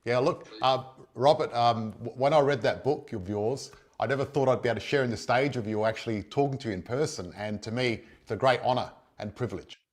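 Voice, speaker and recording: A man's voice: mid-range voice, a little fast, hardly any pauses. Male host, eager and complimentary, mid-range voice. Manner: enthusiastic, full of praise. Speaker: interview host. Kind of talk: casual interview.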